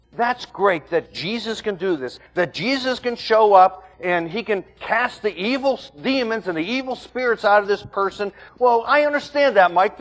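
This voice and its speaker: Male pastor, slightly high voice, emphatic repetitive sermon delivery, soft music behind. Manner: emphatic preaching with repeated phrases.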